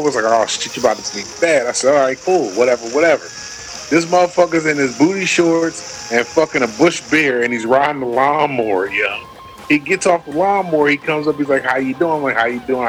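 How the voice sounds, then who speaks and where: A man tells a crude story to his friends with loose, cursing energy, acting out the voices as he goes. His voice sits a little high for a man. Faint music plays behind him. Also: fairly quick, low-quality recording. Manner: animated storyteller, acts out quotes, swears freely. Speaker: podcast co-host. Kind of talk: casual storytelling chat.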